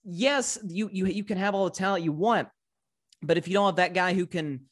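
A man's voice: high-pitched, brisk. A man from Tennessee with a slight Southern accent, co-hosting a casual sports podcast and making his points with emphatic repetition. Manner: emphatic, repeats words when building a point. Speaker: guest co-host.

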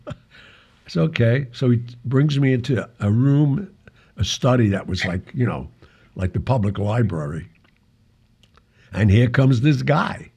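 Gravelly older man telling a story. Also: mid-range voice. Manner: lively storyteller who acts out the quoted dialogue and chuckles often. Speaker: podcast guest. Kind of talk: anecdotal storytelling.

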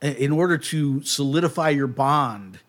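A man's voice: mid-range voice, normal speed. A young man running a tabletop game as game master, talking loosely with many fillers and restarts. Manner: relaxed, hesitant, many fillers.

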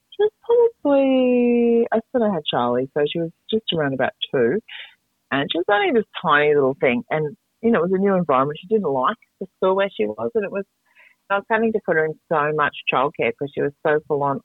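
A woman's voice: low-pitched, no room sound. A middle-aged woman in casual chat, candid and rambling, swearing freely. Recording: dry tinny phone-like sound.

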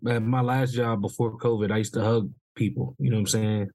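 A man's voice: lowish voice, steady tone, a little fast, a little mellow, no room sound. A man co-hosting a podcast in casual, earnest chat who often checks in with his listener. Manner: earnest, often asks "you know what I'm saying?". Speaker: podcast co-host.

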